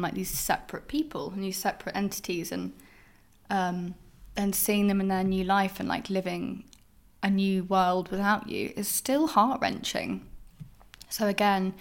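A young woman hosts a casual solo podcast in an average-pitched voice. She tells her dating stories frankly and with lots of swearing, acting out her own reactions as she goes. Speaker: podcast host.

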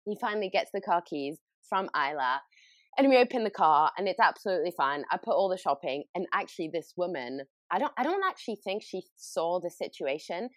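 A woman's voice: lowish voice, animated, fairly quick, no room sound. A woman with a British accent, a podcast host telling a story in casual chat, laughing often. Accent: British English.

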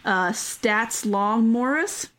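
A woman's voice: fairly high pitch, drawn-out words, fairly bright tone. A woman hosting a casual history podcast. She is chatty, uses many fillers and laughs often. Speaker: podcast host.

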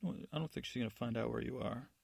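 A man playing a stern, stubborn captain of the guard in a sleep story, speaking in a gruff, curt, dismissive way. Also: medium pitch, fast, dry recording. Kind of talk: sleep-story narration with character voices.

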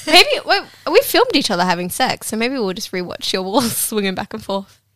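A woman's voice: mid-range voice, sing-song, moderate pace, fairly bright tone. A woman chatting on a podcast, giggly and blunt as she tells a story. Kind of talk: casual podcast chat.

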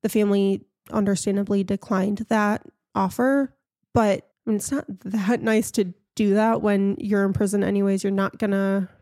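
Mellow-voiced woman podcast host. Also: medium pitch, steady tone, moderate pace, dry recording, studio quality. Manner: frank, opinionated, swears casually. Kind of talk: casual storytelling podcast.

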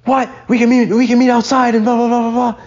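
A young man imitating a hot-headed, rude male line cook who taunts loudly and repeats himself. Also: medium pitch, flat delivery, moderate pace, muffled recording, lightly acted. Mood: taunting.

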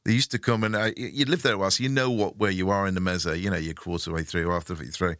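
A man chatting casually on a podcast, telling relaxed stories that trail off softly. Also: sits low, quick pace, dry recording, clean studio sound. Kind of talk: casual chat.

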